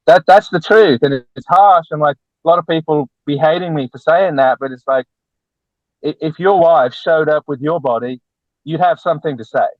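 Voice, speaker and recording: A man speaking as a relationship coach guest on a podcast, lecturing bluntly and forcefully, with lots of repetition. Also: a little high, normal speed, dry recording. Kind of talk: podcast interview. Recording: tinny phone-like dry line.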